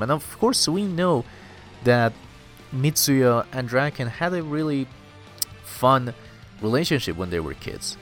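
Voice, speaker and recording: A man's voice: mid-range voice, sing-song, unhurried, pauses often, faint music behind. A man casually recapping a manga chapter, loose and rambling, full of fillers and "dude".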